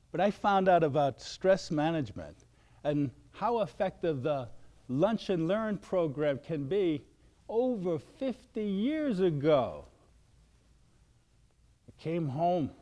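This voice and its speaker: An older man giving a motivational wellness talk, animated and acting out shouted outbursts. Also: fairly high pitch. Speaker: wellness speaker.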